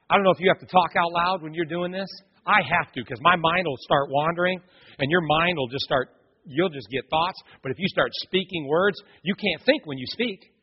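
A middle-aged man preaches in a sanctuary with a fairly high, husky voice, animating his sermon with stories and turning straight to the congregation. The audio is muffled and dull, with long reverb from the room.

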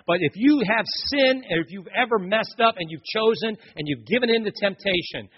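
A man's voice: sits high, lively intonation, moderate pace, husky. A man preaching a sermon, speaking emphatically and telling stories as he addresses the congregation directly. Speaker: pastor. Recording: echoey hall, dull lo-fi recording.

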